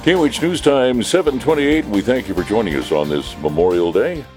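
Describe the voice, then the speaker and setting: A male radio host reading station news and telling a joke with animated character voices. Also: medium pitch, brisk, faint music behind.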